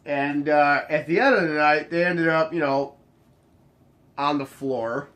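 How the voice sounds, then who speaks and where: A young man casually telling a bartending story, acting out each exchange with sudden jumps up in his voice. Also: unhurried. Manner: animated, acts out the dialogue, jumps high in pitch when quoting others.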